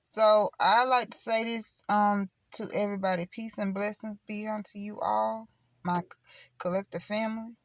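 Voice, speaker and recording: A middle-aged woman who vlogs about spirituality talks straight to the camera on her channel in a casual, blunt, preachy, rambling way. Her voice is mid-range and steady, at a normal speed, with no room sound.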